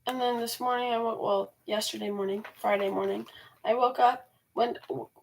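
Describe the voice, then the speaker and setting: A woman's voice: a little high, fairly even intonation, moderate pace, vocal fry, slight background noise, poor audio. A teenage girl telling a rambling story in a casual vlog, restarting often and filling with ums. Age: teens. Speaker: vlogger. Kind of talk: casual talking-to-camera vlog.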